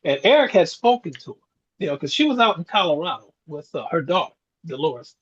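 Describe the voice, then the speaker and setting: A man's voice: fairly high pitch, big pitch swings, brisk, breathy edge. A man in his sixties, a podcast co-host, telling reflective stories in casual chat. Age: 60s. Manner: storytelling, reflective, chuckles often. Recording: dull lo-fi sound.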